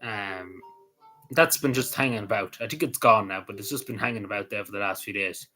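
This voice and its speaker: An Irish man hosting a casual livestream, rambling with many ums and quick apologies. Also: lowish voice, bright, forceful tone, soft background music, rough recording. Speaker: livestream host.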